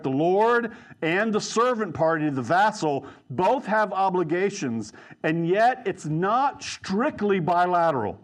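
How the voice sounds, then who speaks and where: A middle-aged man preaching a sermon, teaching earnestly and emphatically and turning to the congregation with asides. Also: high voice.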